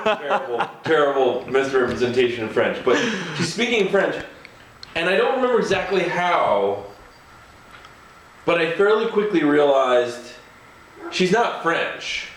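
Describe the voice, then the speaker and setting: A man's voice: fairly high pitch, expressive, a little slow, a bit bright, a little hiss or hum. A man telling a casual anecdote in a chatty way, often chuckling as he talks. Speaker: storyteller. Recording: echoey room, faint ambience.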